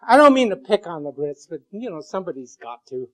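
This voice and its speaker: Male lecturer, slightly raised pitch, digressive and jokey, stumbles and restarts often in front of a class. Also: sing-song, a bit bright, low-quality recording. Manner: rambling and joking, with many halting restarts. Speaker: university lecturer.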